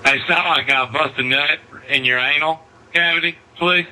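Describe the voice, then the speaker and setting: A man's voice: on the high side, normal speed, heavy background noise. A man making crude jokes at another player over online game voice chat. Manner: crude, mocking. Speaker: online gamer.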